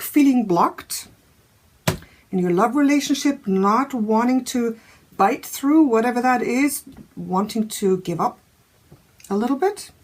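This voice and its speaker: A woman talks through a tarot reading in a relaxed, chatty way, thinking aloud with fillers and restarts. Her voice sits a little high and has a husky, breathy grain. She addresses the listener directly. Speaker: tarot reader.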